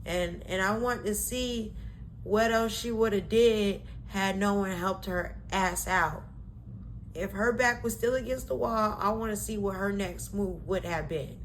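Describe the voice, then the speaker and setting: A woman's voice: mid-range voice, unhurried, slight background noise. Blunt, profane woman ranting on camera. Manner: blunt, profane and exasperated, full of fillers. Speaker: vlogger. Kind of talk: ranting commentary vlog. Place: at home, face cream on.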